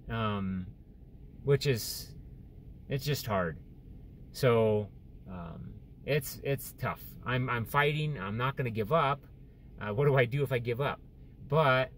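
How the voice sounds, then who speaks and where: A man recording a personal video diary about his surgery recovery, speaking haltingly with many restarts, depressed and close to tears. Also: mid-range voice, slight background noise. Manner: halting, many restarts and fillers, openly discouraged. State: depressed and tearful. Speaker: vlogger sharing surgery recovery. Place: in and around a store.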